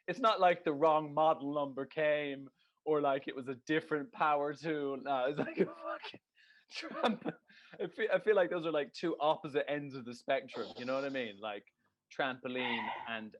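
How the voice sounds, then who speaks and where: A man's voice: a little high, normal speed. A man co-hosting a casual podcast chat, telling stories in a ranting, sweary way and laughing at himself. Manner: ranting, sweary, laughing at his own story. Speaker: podcast co-host. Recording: dull lo-fi podcast audio.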